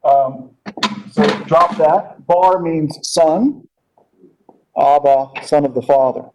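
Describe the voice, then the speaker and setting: A man teaching a casual Bible class, talking in a halting way with many fillers and repeated words, on a dull lo-fi recording. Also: a little high, a little mellow, slight background noise.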